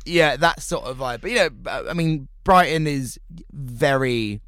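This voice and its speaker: A man who performs cabaret and drag, talking in a casual podcast chat, animated and full of quoted voices. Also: mid-range voice, unhurried, no echo, studio quality.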